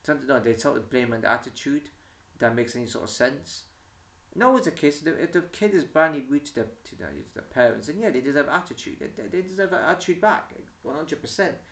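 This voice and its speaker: A man's voice: fairly high pitch, expressive, a little fast, gravelly, distant mic. A man ranting casually to camera about people who annoy him, in a rambling way with many restarts. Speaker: vlogger. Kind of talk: casual opinion rant to camera. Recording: echoey room, voice a bit off-mic.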